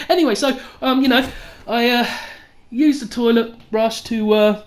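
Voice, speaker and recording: A young woman tells a crude story in vlog style, full of swearing and loud acted-out quotes. Her voice sits a little high for a woman. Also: moderate pace. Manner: sweary, animated, acts out quotes loudly. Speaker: vlogger.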